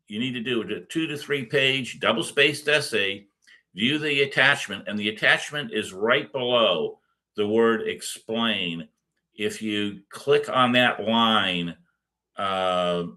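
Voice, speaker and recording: A man's voice: on the low side, pushed and bright. A middle-aged man giving a casual recorded lecture as a course instructor, rambling with many fillers and restarts.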